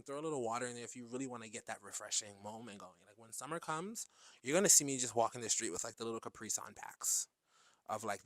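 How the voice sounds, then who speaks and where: A man's voice: medium pitch, a bit bright, dry recording, clean studio sound. A man hosting his own show, rambling through a stream-of-consciousness monologue with giggles and filler words. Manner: rambling, giggly, breaks into sung jingles. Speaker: host.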